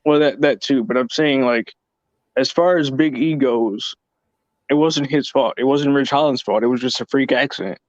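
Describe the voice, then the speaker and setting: A man's voice: medium pitch, no room sound. Guy on a podcast who keeps tripping over his words, dull dry cheap-mic sound. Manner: halting, stammers and restarts, opinionated. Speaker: podcast co-host. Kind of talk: casual podcast chat.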